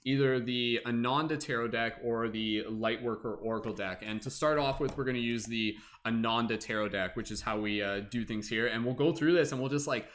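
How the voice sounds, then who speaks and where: A man's voice: mid-range voice, fairly quick, hardly any pauses, fairly bright tone. A young man hosting a livestream, talking in a casual, upbeat way and addressing the chat. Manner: upbeat, chatty, many fillers, laughs often. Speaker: livestream host.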